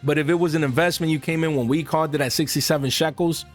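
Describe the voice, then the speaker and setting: A man giving casual, animated commentary on the card market to his viewers, full of slang and asides to "guys". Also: on the high side, fast, soft background music.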